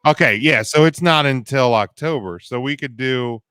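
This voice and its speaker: A man's voice: medium pitch, moderate pace, a bit bright, smooth, no room sound. A man co-hosting a casual podcast, talking in rambling, opinionated runs full of restarts. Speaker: podcast co-host. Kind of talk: casual wrestling podcast chat.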